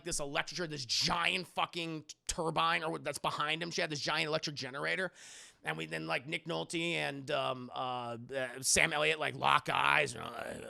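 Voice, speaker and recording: A man's voice: on the high side, vocal fry. A man casually recapping a movie to his live chat, sarcastic and profane. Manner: sarcastic, profane, lively storytelling. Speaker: movie reviewer, streamer. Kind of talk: casual spoiler review chatting to a live chat.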